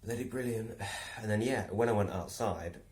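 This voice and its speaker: A man's voice: on the low side, normal speed, darkish tone. Rambling man telling a story. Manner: rambling, with many restarts and chuckles. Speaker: vlogger. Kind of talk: casual storytelling, then reflective musing.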